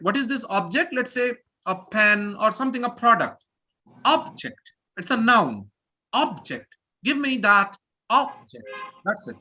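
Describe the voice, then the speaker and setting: A woman teaching English pronunciation in a live online class over a video call, drilling students and repeating words slowly with clear stress. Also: medium pitch, sharp tone.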